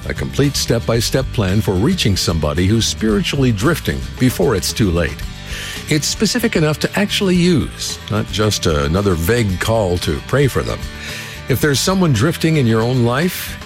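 A man announcing a radio program in polished, scripted delivery. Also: mid-range voice. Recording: guitar music underneath.

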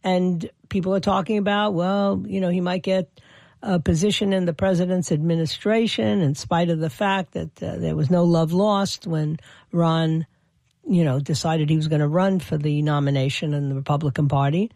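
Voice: medium pitch, steady tone, normal speed, creaky, darkish tone, dry recording. A political commentator delivering an opinion monologue, often stammering and restarting phrases, with indignant emphasis.

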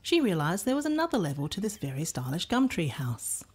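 Lady reading a kids story, low husky voice, playful and expressive. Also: fairly quick.

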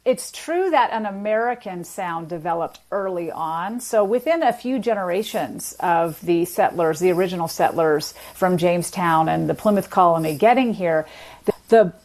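A woman guest explaining the history of accents in a measured, academic way during an interview. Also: on the low side, animated, darkish tone. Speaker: linguist guest.

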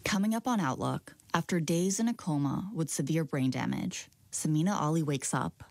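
Female radio host, deep-pitched, calm measured storytelling, close dry mic. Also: no echo. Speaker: radio programme presenter. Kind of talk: scripted radio presenting. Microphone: studio microphone.

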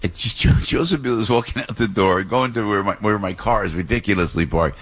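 A man hosting morning talk radio from a studio, rambling and excitable. His voice sits fairly low with a husky grain. He jumps between reading a live ad and chatting with his guest. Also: fairly quick. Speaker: radio talk show host.

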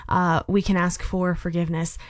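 A young woman hosting a Christian radio show, telling a personal story in a casual, animated way that turns gently devotional. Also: lowish voice, normal speed, dry recording, clean studio sound. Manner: animated storytelling, quoting others in a raised voice. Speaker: radio host.

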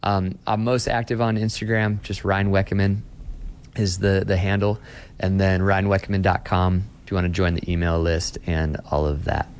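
A man's voice: sits low, level tone, moderate pace, a little hiss or hum. A man being interviewed as a Christian author, speaking earnestly and emphatically about faith. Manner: earnest, emphatic, paraphrasing scripture. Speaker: author and guest.

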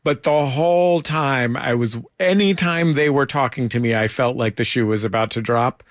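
A man's voice: mid-range voice, normal speed, no echo, studio quality. A man hosting an interview, joking in a playful way. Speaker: interview host. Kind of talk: interview conversation.

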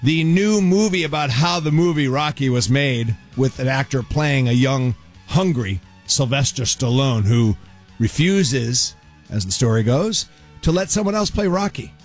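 A male host chats playfully about a film in a TV studio. His voice sits at an ordinary middle pitch. Faint music runs underneath. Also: animated, a little slow. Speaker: talk show host. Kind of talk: casual studio chat.

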